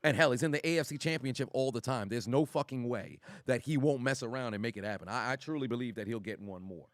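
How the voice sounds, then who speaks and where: A man streaming live and reading out chat messages, talking in an animated, excitable way and swearing freely. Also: medium pitch, fast talker, no room sound.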